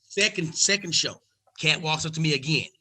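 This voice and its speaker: A man from the United States, a comedian guest, telling a lively story and acting out each voice. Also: on the high side, normal speed, slightly rough, low-quality recording. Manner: lively, acts out every voice. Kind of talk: animated storytelling.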